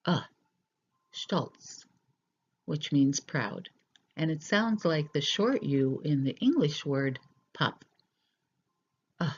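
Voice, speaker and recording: Husky voice, unhurried teacher, deliberate with pauses, muffled lo-fi sound. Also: medium pitch, expressive. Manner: slow, deliberate explanation with hesitant fillers. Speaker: language teacher. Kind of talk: recorded language lesson. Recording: dull lo-fi recording.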